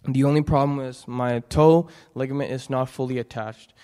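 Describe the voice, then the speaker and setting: A young man giving an earnest, halting personal testimony in church, full of restarts. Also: mid-range voice, steady tone, warm tone, clean tone. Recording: long hall reverb.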